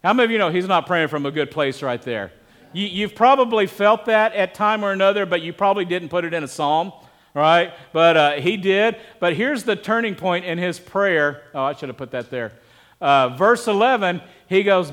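A man's voice: high-pitched, brisk, a bit bright. A male pastor preaching a sermon in a conversational way, often asking the congregation questions.

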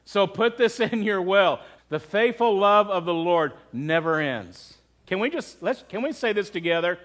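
A man's voice: high-pitched, expressive, normal speed, a bit bright. A man preaching a sermon, telling a story and asking the congregation questions. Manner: storytelling with quoted voices, asks the congregation questions. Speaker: pastor.

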